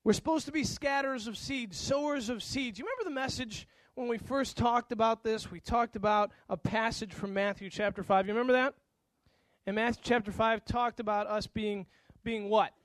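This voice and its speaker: High-voiced animated male pastor. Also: moderate pace, no room sound. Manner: animated, acts out dialogue with varied voices. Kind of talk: sermon.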